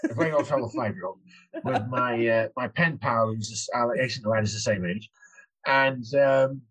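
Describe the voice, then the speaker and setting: A man's voice: medium pitch, steady tone, moderate pace, fairly bright tone, rough recording. A man in his thirties with an English accent, an author chatting in an interview, hesitant with many restarts. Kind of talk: casual interview chat.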